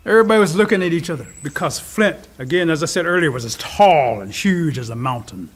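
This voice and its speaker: High-voiced, animated male storyteller. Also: quick pace, few pauses. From Cherokee Nation. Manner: animated, expressive. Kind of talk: oral storytelling.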